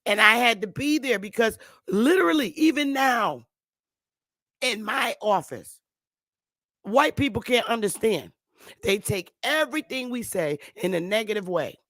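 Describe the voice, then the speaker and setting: A woman's voice: fairly high pitch, expressive, unhurried, fairly bright tone, no echo, studio quality. A middle-aged woman from Connecticut hosting an online talk show, delivering an insistent livestream monologue and hammering her points home by repeating them. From Connecticut, United States.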